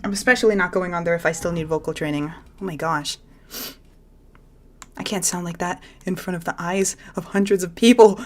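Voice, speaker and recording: A woman streamer chatting casually with her live chat, bubbly and self-deprecating, talking in quick bursts with giggles. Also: lowish voice.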